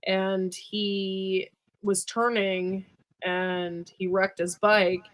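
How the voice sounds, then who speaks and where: A woman's voice: mid-range voice, level tone, extremely slow. A woman hosting a casual livestream chat, asking brief, curious questions.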